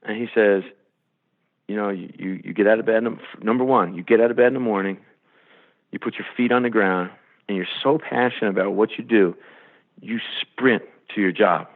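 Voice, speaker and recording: A man, a sports executive, telling animated stories in a podcast interview and acting out the quotes. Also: lowish voice, brisk. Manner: animated storyteller, acts out quotes. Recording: phone-line quality.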